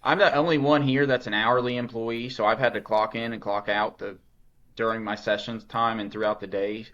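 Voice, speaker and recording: A man's voice: fairly low pitch, fairly even intonation, normal speed, fairly bright tone, dull audio. Laid-back rambling man, podcast co-host. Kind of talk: casual chat.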